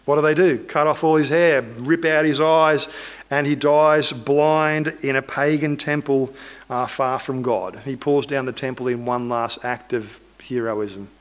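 A man's voice: medium pitch, fairly even intonation, measured pace. A man preaching, retelling a Bible story in a loose, conversational way with asides to his listeners.

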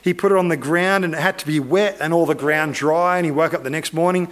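A man gives a sermon, telling an old story with animated energy and quick asides. His voice sits high and light, and he drops into little character voices as he goes. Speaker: preacher.

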